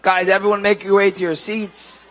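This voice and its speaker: A man's voice: high-pitched, flat delivery, moderate pace, a bit bright, a little hiss or hum, poor audio. A man emceeing a banquet, repeatedly urging everyone to take their seats before introducing the entertainment. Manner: repeatedly urges the crowd to sit, building up the introduction. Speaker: event emcee. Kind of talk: announcing at a banquet.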